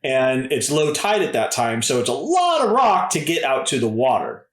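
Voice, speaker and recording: A man's voice: mid-range voice, big pitch swings, normal speed, reverberant. A man in his thirties, a podcast guest telling stories in a casual, laid-back way and often calling people "dude" and "man". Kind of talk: casual storytelling.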